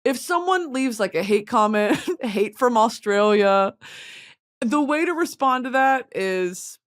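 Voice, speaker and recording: A woman's voice: fairly high pitch, expressive, measured pace. Giggly, rambling young woman. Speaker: vlogger. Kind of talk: casual rambling chat to camera.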